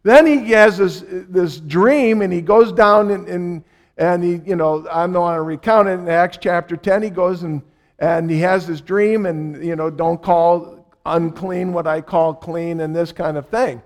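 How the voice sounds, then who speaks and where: A man with a high voice preaches a sermon. He repeats key phrases to drive them home and slips into dramatic voices for the people he quotes. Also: unhurried.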